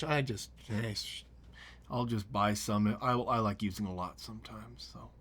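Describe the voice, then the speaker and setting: A man hosting a calm painting lesson, narrating his brushwork in an easy, mid-pitched voice. He often drops to a near whisper while concentrating. A faint hiss sits behind the recording. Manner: soft-spoken, often dropping to a near whisper while working. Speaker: painting show host. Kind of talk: relaxed painting tutorial with running commentary.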